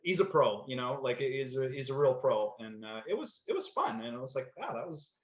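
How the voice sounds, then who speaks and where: Medium-pitched and sing-song, a podcast guest who acts professionally tells a story at a brisk clip. He rambles casually, restarting often and using lots of fillers, and the recording carries a slightly dull echo.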